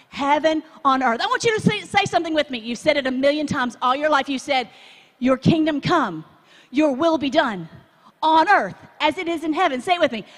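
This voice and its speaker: A woman preaches at a gathering, drawing the audience in with questions and call-and-response. Her voice sits high and bounces all over, and it rings out in a big reverberant hall. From Texas. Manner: animated, chatty, asks the crowd to join in. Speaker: conference speaker. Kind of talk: preaching talk to a live audience.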